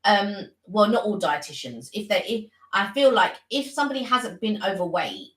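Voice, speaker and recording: A woman's voice: mid-range voice, animated, normal speed, fairly bright tone, reverberant, rough recording. A woman co-hosting a casual live stream, talking earnestly and rambling with many restarts.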